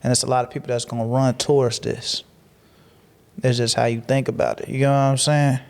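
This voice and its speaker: Speaking a little fast in a medium-pitched voice with vocal fry, a man guesting on a casual podcast sounds preachy and motivational. He leans on repeated phrases for emphasis and warms up, growing animated, as he tells stories.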